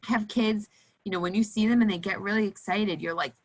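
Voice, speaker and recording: A woman occupational therapist teaching nurses in an educational panel talk, animated and acting out cheerful voices for children. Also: mid-range voice, a little fast, poor audio.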